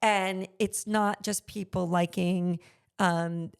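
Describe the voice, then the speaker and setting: A middle-aged woman speaking with a gravelly, fry-edged voice that sits a little low. She tells her stories candidly and animatedly, slipping into the voices of the people she quotes, in a relaxed conversational interview. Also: slow. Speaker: podcast guest, luxury consignment store owner.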